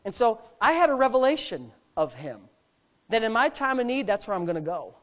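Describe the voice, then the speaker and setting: A man's voice: sits high, fairly quick. A middle-aged man, a pastor, telling a story in a sermon and acting out the voices. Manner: animated, acts out voices.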